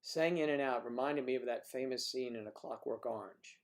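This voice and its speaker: A man's voice: mid-range voice, normal speed. Joking man hosting a livestream. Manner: joking, rambling, teasing asides. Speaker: livestream host. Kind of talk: casual livestream chat reading viewer comments.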